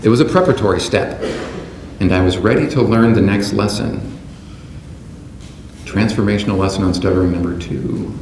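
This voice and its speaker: A man delivering a prepared, measured keynote speech to a conference audience in a large hall. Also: lowish voice, darkish tone. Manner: measured, deliberate delivery from a script. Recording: roomy hall sound with faint background noise.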